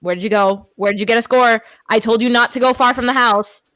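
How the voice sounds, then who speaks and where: A woman voicing an overprotective rabbit parent who demands answers in a loud, insistent way and repeats herself. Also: a little high, fairly quick. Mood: frantic.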